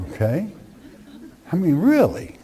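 Slow-speaking male preacher. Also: sits high, huge pitch swings, mellow. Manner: slow, conversational preaching with emphatic scripture reading. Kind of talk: sermon.

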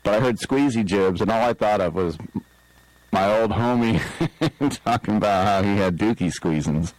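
A man's voice: lowish voice, moderate pace, a little mellow, dry recording, poor audio. A middle-aged man hosting a sports talk radio show, telling a rambling, self-deprecating story and acting out the people in it. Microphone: studio microphone.

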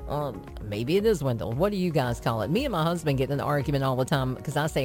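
A woman radio host talks in a loose, chatty way, wandering off on tangents and laughing at herself. Her voice sits low for a woman. Faint music plays under her. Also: expressive, quick pace, hardly any pauses, a little mellow. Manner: chatty, rambling, self-amused. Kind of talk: casual radio chat.

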